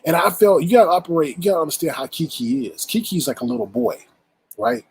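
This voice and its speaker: Casting note: adult male commentary host, AAVE speech, husky slightly high voice, dry close recording, blunt exasperated ranting delivery. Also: sing-song, quick pace, dry recording, rough recording. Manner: blunt, exasperated, rhetorical, profane.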